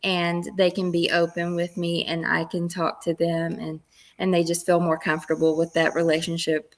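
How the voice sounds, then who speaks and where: Low-voiced woman with a Kentucky accent. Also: completely flat delivery, moderate pace. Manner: open, laughs often. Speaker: guest, former wrestler. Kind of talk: casual interview chat.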